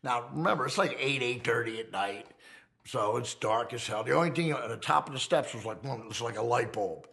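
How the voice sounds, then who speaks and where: A middle-aged man, telling his story in an interview in a profane, animated way. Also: medium pitch, fairly quick, gravelly.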